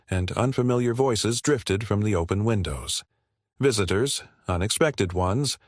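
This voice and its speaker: A man narrating a scripted story in a steady, measured way. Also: lowish voice, no echo, studio quality.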